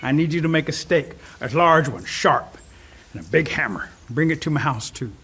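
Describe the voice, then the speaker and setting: A man's voice: fairly high pitch, expressive, normal speed, fairly bright tone, husky, heavily acted. A man voicing Rabbit, a small male trickster who coaxes and schemes. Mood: scheming. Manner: coaxing, scheming.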